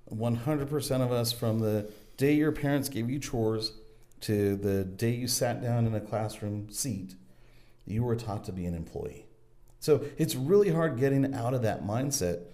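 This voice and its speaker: Male podcast host, mellow tone, earnest conversational delivery. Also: medium pitch, a little slow. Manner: earnest, agreeing, with "uh" fillers. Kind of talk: casual interview talk.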